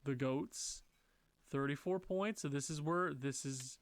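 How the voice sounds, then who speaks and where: A man commentating his own video game franchise season, exasperated and talking to his players as he reshuffles lines. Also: a little slow. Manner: exasperated, talks to players, swings into high frustrated outbursts. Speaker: gaming YouTuber.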